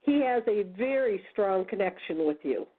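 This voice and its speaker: A woman from the United States, a guest on a talk radio show, telling stories in a casual, animated way and acting out the voices of the people in them. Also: mid-range voice, normal speed, breathy edge. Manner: animated storyteller, acts out quoted voices. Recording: tinny phone line.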